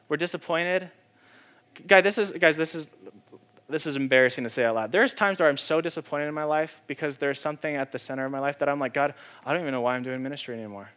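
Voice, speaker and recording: A man's voice: fairly high pitch, a bit bright. A man, a pastor, giving a conversational sermon, talking casually with lots of fillers and then breaking into sudden emphatic bursts.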